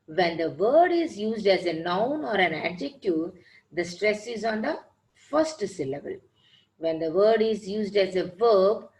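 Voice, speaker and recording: Rich: A woman gives an online lecture at a very unhurried pace, her pitch sitting in an ordinary middle range. She explains each point patiently and circles back over the same examples. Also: a little mellow, rough recording. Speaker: English teacher.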